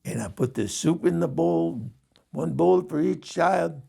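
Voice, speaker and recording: A man's voice: a little high, measured pace, creaky, mellow, breathy edge, exaggerated voice. A man voicing an indignant, rambling middle-aged male taxi driver who keeps calling his passenger "sir". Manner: repeats "sir" and tells it with indignation.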